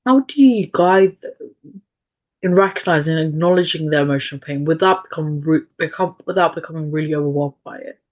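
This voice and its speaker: Podcast host; plain mid-range voice, pauses and restarts while framing questions. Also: medium pitch. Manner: halting, searching phrasing while asking. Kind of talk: podcast interview, asking questions.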